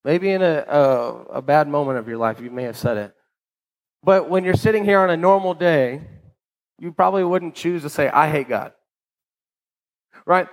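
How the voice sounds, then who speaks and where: A man's voice: fairly high pitch, moderate pace, low-quality recording. A man preaching a sermon in a conversational way, often checking in with his listeners and repeating words as he restarts. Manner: conversational, keeps asking "right?". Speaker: pastor.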